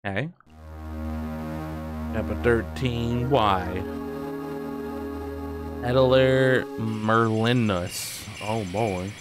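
A male streamer playing a strategy game, talking in a relaxed, unhurried way with an animated lilt. Game music plays clearly behind him. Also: on the low side. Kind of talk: casual gameplay commentary.

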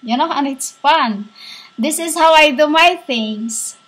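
A woman speaks slowly into a laptop microphone, giving a drifting spiritual monologue. She halts often, searching for her words between long pauses. Her voice sits high. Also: fairly bright tone, low-quality recording. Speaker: self-styled spiritual speaker. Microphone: laptop built-in microphone.

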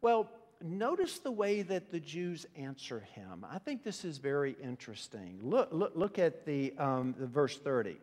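A man's voice: a little high, big pitch swings, unhurried, hardly any pauses, darkish tone. A man preaching a sermon as pastor, teaching in a conversational way with frequent restarts. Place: church sanctuary. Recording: long reverb of a church hall.

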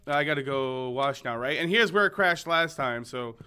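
A man's voice: fairly high pitch, fairly quick, few pauses, sharp tone, clean tone, faint music behind. A young man commentating a video game he plays, joking and rambling with stammered restarts, reading its text aloud. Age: young adult. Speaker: gaming video host.

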